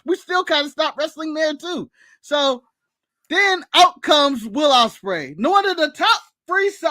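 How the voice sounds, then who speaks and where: A man's voice: very high voice, pushed and bright, no echo. A man from the United States co-hosting a casual podcast, ranting sarcastically with laughs and swearing. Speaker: podcast co-host.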